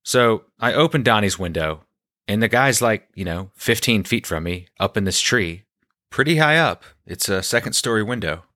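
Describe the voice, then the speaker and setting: A man hosting a storytelling podcast, recounting a personal story in a deadpan, conversational way. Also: on the low side, normal speed, no room sound, clean studio sound.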